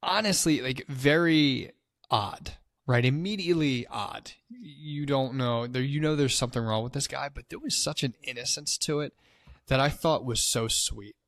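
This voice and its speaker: A movie podcast co-host retells a film's plot in a loose, casual chat, swearing often and acting out quotes. His mid-range voice is a bit bright and moves at a normal speed, with no room sound on the recording.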